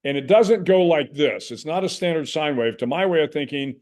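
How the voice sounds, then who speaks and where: A man in his sixties from the United States, a guest in a conversational interview, speaking in a measured, reflective way with frequent restarts. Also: on the high side, animated, a little mellow. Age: 60s.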